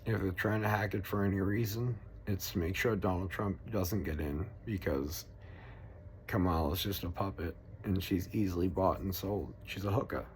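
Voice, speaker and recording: Deep-voiced man, forties, angry rambling rant, heavy swearing. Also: fairly even intonation, normal speed, a little mellow, a little hiss or hum. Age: 40s. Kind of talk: ranting monologue.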